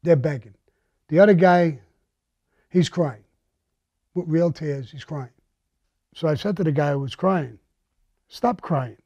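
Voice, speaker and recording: A tough man tells a gritty story in a blunt, menacing, heavily profane way. His voice sits a little high yet sounds dark and mellow, captured dry and dull on a lo-fi recording. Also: a little slow, long pauses, dry recording. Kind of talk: recounting a crime story.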